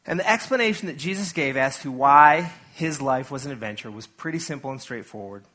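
A man's voice: medium pitch, expressive, a little fast, bright, forceful tone. A man preaching a sermon to his church in a casual, conversational way, full of asides and acted-out quotes. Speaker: pastor.

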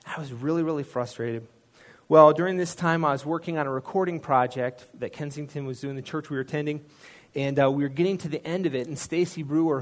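Man, mid-pitched, sharing his faith story from the pulpit; earnest, chatty, pokes fun at himself. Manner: earnest, conversational storytelling with self-deprecating asides. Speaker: church speaker sharing a testimony. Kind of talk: personal testimony in a sermon.

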